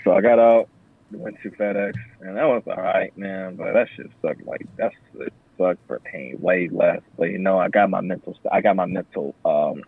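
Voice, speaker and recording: A young veteran talks through his life in a relaxed, cursing interview manner, slipping into higher voices to mimic customers. His voice sits low with a husky edge. The recording sounds narrow, like a phone line. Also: moderate pace, no echo. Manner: profane, animated storyteller who acts out customers in higher voices. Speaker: podcast guest, Marine veteran. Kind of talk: casual conversational interview.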